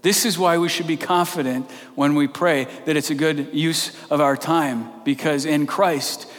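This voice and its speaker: A man's voice: on the high side, fairly even intonation, a bit bright. A man gives a sermon in an earnest, conversational way. His voice sits a little above the usual male range, and it rings out in a large hall with a long reverb tail. He hurries through the side remarks and draws out the points that matter most. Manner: earnest and conversational, moving between quick asides and slow, drawn-out emphasis. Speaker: pastor.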